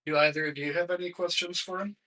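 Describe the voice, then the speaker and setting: A man's voice: high voice, steady tone, fast, sharp tone, low-quality recording. A man playing a tabletop game, asking questions and laughing. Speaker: player. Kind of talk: casual tabletop game play.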